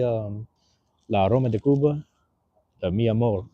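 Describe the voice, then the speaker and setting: A man's voice: lowish voice, moderate pace, pauses often, no room sound, dull audio. A man hosting a casual livestream, chatting loosely and reading out viewers' messages, with a rambling, slang-filled manner while smoking a cigar. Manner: laid-back, rambling, reads chat aloud with slang. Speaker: livestream host.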